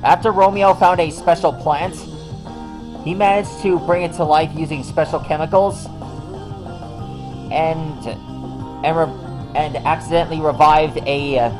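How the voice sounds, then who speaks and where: Slow, rambling man hosting a drawing show. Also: fairly high pitch, steady tone, music in the background, poor audio. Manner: rambling, chatty, with many fillers and restarts. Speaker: host of a drawing channel. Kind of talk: casual chat while drawing. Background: song playing in the background.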